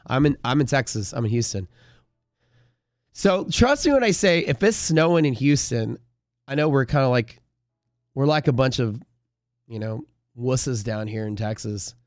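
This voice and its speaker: A man's voice: mid-range voice, expressive, moderate pace, pauses often, no echo, studio quality. A man hosting a live day-trading stream, chatting casually in a rambling way, full of fillers and the odd swear word.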